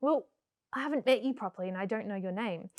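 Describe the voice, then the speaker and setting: A woman's voice: medium pitch, fast. A woman teaching a puppet-making workshop for children, cheerful and encouraging. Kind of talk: children's craft tutorial.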